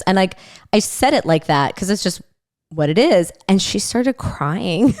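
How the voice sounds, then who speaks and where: Smooth-voiced young woman guest. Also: mid-range voice, expressive, normal speed, a little mellow, no room sound, studio quality. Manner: candid, laughing anecdotes. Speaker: podcast guest. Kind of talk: casual chat.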